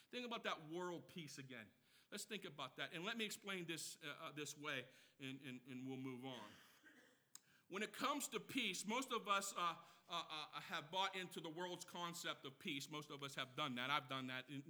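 A man preaching a sermon as pastor. He counts off numbered points, asks the congregation questions and drops from loud emphasis to hushed asides. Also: high voice.

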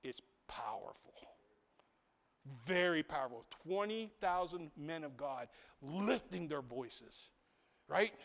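A man preaching a sermon as pastor in a church. He swings between loud, rising proclamation and hushed asides, builds his points by repeating phrases, and keeps asking the congregation "right?". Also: a little high, lively intonation, takes it slowly, in a large hall.

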